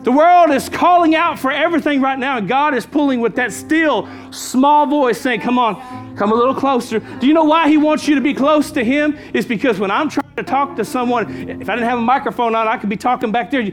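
A man with a very high voice preaches a sermon as a pastor. He hammers his points home, repeating key lines and calling out to the congregation. Soft music plays faintly behind him. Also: a little fast, few pauses. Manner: emphatic preaching with repeated phrases and call-outs.

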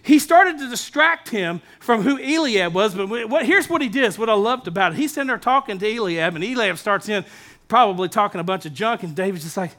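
A man preaching a sermon as pastor, lively and humorous, with asides to the congregation. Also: high-pitched, brisk.

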